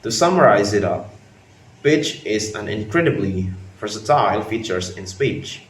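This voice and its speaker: A man presenting a linguistics lesson in a measured, explanatory way. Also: fairly low pitch, animated. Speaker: student presenter. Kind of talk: class presentation. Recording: roomy, from a distance, faint noise.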